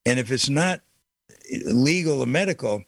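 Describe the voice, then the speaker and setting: A man's voice: mid-range voice, lively intonation, moderate pace, slightly rough, dry recording. Emphatic male radio talk host, dry studio sound. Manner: emphatic, repeats key phrases, folksy.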